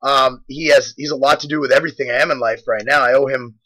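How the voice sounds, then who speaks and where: A man's voice: medium pitch, steady tone, fast talker, pushed and bright, rough recording. A young man casually narrating a gym video, joking and boastful as he rambles through stories. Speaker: fitness supplement company host. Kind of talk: casual gym vlog commentary.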